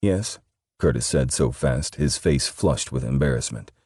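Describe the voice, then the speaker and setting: Male audiobook narrator, very deep and husky, steady reading. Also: moderate pace, no room sound, clean studio sound. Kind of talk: scripted narration.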